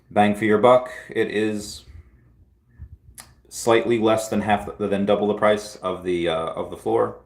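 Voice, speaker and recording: A man hosting a casual livestream, rambling through chat questions and often restarting and repeating words. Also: deep voice. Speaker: livestream host answering chat.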